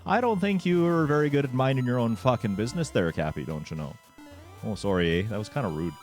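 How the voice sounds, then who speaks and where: A man's voice: medium pitch, lively intonation, fast talker, close to an everyday voice. A man putting on an exaggerated Canadian accent as a brash, swearing guy who keeps adding "eh" and "bud". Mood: mock-polite. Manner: loud, cocky, tacks on "eh" and "bud". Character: brash swearing Canadian dude, male adult. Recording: faint game music behind.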